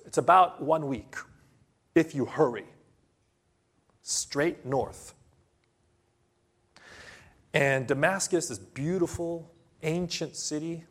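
A man preaching a sermon to a congregation, telling a story slowly and dramatically with sudden loud bursts. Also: a little high.

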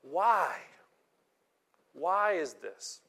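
Male preacher, high voice, slow and earnest sermon delivery. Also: sing-song, gravelly, sharp tone. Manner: earnest, acts out quoted voices, repeats words.

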